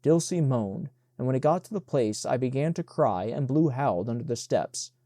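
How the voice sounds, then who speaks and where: A man narrating an audiobook in an even, measured reading. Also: mid-range voice, no room sound, studio quality.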